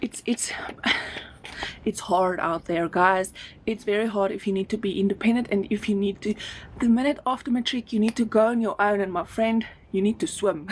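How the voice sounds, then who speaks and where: A South African woman doing a live-streamed sales pitch for an online business. She is emphatic, repeats words over and over, and sounds slightly out of breath. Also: slight background noise.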